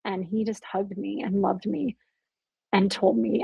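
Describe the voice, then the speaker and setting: A woman speaks with a gravelly, slightly husky voice, recounting her own story with animated emotion. The sound is dry and close, with no room echo. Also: mid-range voice, measured pace. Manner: emotional, animated storytelling with laughs and acted quotes. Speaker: podcast guest, abuse survivor. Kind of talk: candid personal interview.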